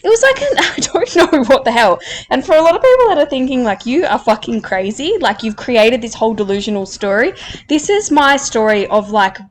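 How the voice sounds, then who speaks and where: A woman in her late twenties hosting a podcast, telling a personal story candidly and emotionally, with many fillers and frequent swearing. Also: mid-range voice. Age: 20s. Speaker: podcast host.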